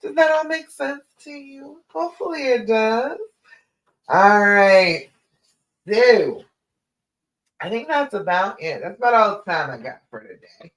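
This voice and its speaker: A woman's voice: on the high side, animated, a little slow, pauses often, rough recording. A woman relationship coach speaking to viewers on a livestream, encouraging them and walking through steps in lists, calling the listener honey. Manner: instructive, repeats steps and lists.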